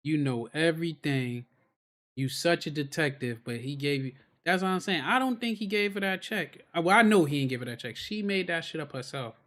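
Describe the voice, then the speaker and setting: A man's voice: on the high side, lively intonation, fairly quick, fairly bright tone. A man hosting a reaction video, giving blunt, profane, casual commentary.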